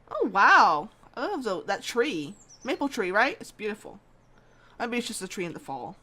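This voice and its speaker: A woman's voice: medium pitch, sing-song, normal speed, bright, forceful tone. Chatty, giggly woman playing a mystery game. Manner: chatty, giggly, self-mocking asides. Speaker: gamer. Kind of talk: let's-play commentary.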